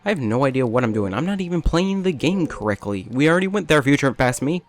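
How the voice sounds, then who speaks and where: A man's voice: mid-range voice, very animated, fast. A young man rambling through self-mocking gameplay commentary, with jokes and asides. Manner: self-deprecating, rambling, jokey. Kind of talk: rambling let's play commentary.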